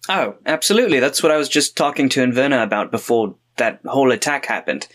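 A man's voice: medium pitch, fast talker, a bit bright. Chill guy at a tabletop game, regular voice, kinda hesitant. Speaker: player. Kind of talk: casual game chat.

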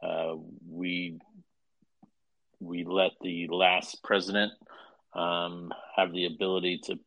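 A man co-hosting a casual podcast chat who explains in a measured way, with many filler sounds. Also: low-pitched, level tone, creaky, no echo, lo-fi sound.

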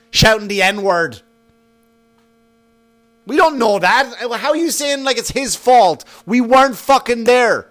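A man with a fairly high voice rambles through a story in a loose podcast monologue. He swears freely and talks with animated energy. A low mains hum sits under the recording. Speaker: podcast host. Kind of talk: casual monologue.

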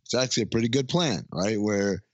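A man's voice: on the low side, a little fast, no room sound, lo-fi sound. A man co-hosting a podcast, casually recapping a film scene by scene and quoting its lines. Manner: retells scenes with quoted lines, frequent restarts. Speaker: podcast co-host. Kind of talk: casual movie recap chat.

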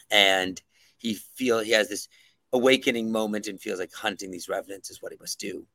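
Gravelly-voiced man, enthusiastic comic writer. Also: lowish voice, fairly even intonation, moderate pace, bright, forceful tone, no echo. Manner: enthusiastic, rambling with many fillers. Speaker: guest comic book writer. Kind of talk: casual interview talk.

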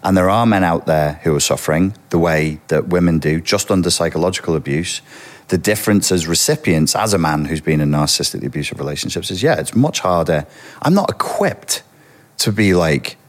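A man's voice: low voice, expressive, fairly quick. A middle-aged man, an expert guest in an interview, explaining earnestly and speaking straight to the viewers.

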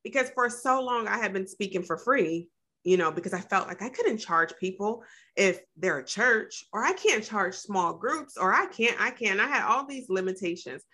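A woman's voice: medium pitch, animated, normal speed, sharp tone. A woman hosting a podcast interview, chatty and storytelling, laughing easily. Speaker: podcast host.

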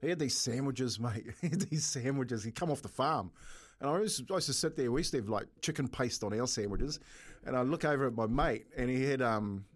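A man's voice: mid-range voice, fairly quick. Story-telling New Zealand man, laughing often. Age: middle-aged. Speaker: radio co-host. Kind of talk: casual storytelling.

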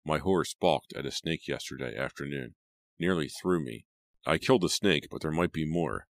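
A man's voice: rumbling low, moderate pace, creaky. A man narrating an audiobook voices a wealthy father and husband who speaks formally and with command. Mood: stern.

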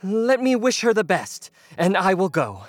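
A woman's voice: mid-range voice, big pitch swings, measured pace, dry recording, soft background music. A woman voicing a scheming young male storm god in an audio drama, mock-polite and sly. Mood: pleading.

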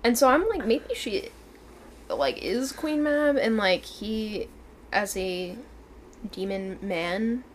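A woman's voice: mid-range voice, lively intonation, slow, slight background noise. Chatty woman co-hosting a book club. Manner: laughing, chatty, trailing off with ums and likes. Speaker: book club podcast co-host. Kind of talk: casual chat.

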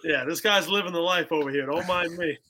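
A young man telling a story on a podcast, casual and animated, acting out what people said with lots of "like" and "bro". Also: on the high side, fairly quick. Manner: animated, acts out quotes, heavy "like" and "bro". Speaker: podcast guest.

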